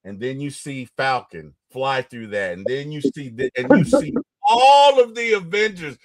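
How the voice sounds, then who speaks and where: Animated, storytelling male interview host. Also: medium pitch, unhurried. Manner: animated, storytelling, gets excited and loud retelling movie scenes. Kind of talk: casual interview chat.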